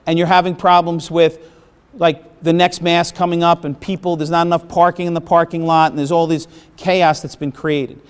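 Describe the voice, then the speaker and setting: A middle-aged man gives a workshop presentation in a fairly high voice. He talks conversationally to a room of listeners and keeps checking that they follow. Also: flat delivery, moderate pace, clear, resonant tone. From the Bronx, New York. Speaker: presenter on parish planning.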